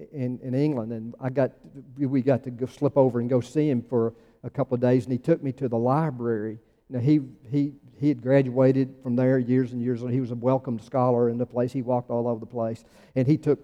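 A man's voice: mid-range voice, dark tone, lo-fi sound. A man preaching a sermon in a conversational, emphatic way, with sudden rising bursts. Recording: long church reverb.

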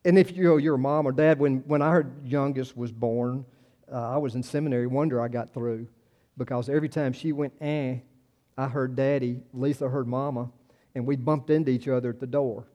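A man's voice: medium pitch, fairly even intonation, a little fast, warm tone, highs cut off. A man in his sixties preaching a sermon in a folksy, conversational way, repeating words and telling personal stories. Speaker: pastor.

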